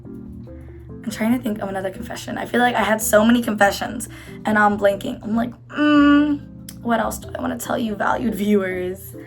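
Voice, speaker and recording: A woman's voice: mid-range voice, moderate pace. A young woman vlogging casually to camera, rambling and full of fillers while doing her makeup, faint music behind her. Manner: rambling, filler-heavy, self-reassuring. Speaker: YouTuber. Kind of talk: casual confessional chat to camera.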